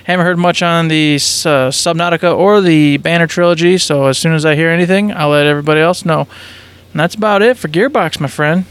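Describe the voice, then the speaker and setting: A man's voice: on the high side, brisk, a bit bright, clean tone. A man co-hosting a gaming podcast, rambling through news updates and casual chat and laughing often. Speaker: podcast co-host.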